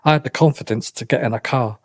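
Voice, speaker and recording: A middle-aged man with a halting way of talking, often restarting and repeating himself as he tells a personal story in an interview. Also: mid-range voice, no room sound, studio quality. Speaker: interview guest. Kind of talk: emotional personal account.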